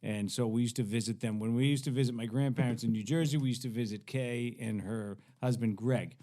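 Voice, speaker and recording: A man's voice: mid-range voice, fairly quick. Rambling, profane man telling a story. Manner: rambling, profane, animated retelling with many restarts. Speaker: podcast guest, ironworker. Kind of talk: casual storytelling.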